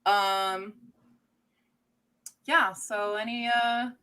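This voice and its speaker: A woman's voice: medium pitch, fairly even intonation, extremely slow, sharp tone, clear, resonant tone. A woman author chatting playfully over a video call at a karaoke meetup, joking around and trying out silly accents. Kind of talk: casual group video chat.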